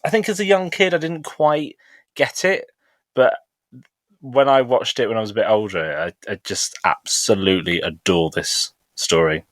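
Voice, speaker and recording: A man's voice: on the low side, normal speed, no echo. Enthusiastic man in dry chat. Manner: enthusiastic, rambling with restarts. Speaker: podcast guest. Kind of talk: casual chat. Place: on stage in a theatre.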